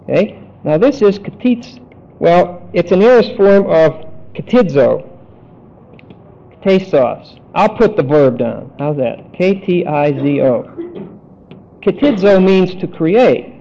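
A man teaching a Bible study lecture, deliberate and emphatic, spelling out Greek words. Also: sits high, expressive, vocal fry, warm tone. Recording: dull lo-fi recording.

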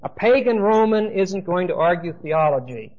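A man's voice: high voice, animated, normal speed, a little mellow, lo-fi sound. A man preaching a sermon with emphasis and dry humor, speaking straight to his listeners.

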